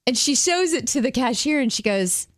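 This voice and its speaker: A woman co-hosting a radio show, telling a story with lively delivery and frequent laughs. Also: sits high, normal speed, dry recording, studio quality. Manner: animated storyteller, laughs often. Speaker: radio co-host. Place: radio studio.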